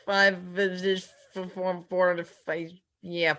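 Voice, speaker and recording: A woman's voice: fairly low pitch, little pitch movement, slow pace, bright, forceful tone. A woman in improv comedy scenes, asking playful questions and stammering a little.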